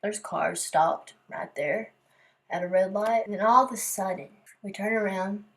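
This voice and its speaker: A young woman vlogger telling a storytime tale in a casual, animated way, acting out the dramatic moments. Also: mid-range voice, a little slow.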